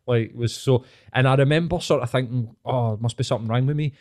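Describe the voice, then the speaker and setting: A man's voice: medium pitch, fast, hardly any pauses, darkish tone. Sweary Scottish man in podcast banter. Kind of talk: casual chat.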